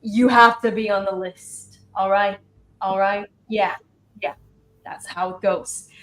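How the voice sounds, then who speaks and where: A woman voicing a gruff male bouncer who guards a tavern door, brusque and clipped. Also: mid-range voice, fairly even intonation, slow pace, lightly acted.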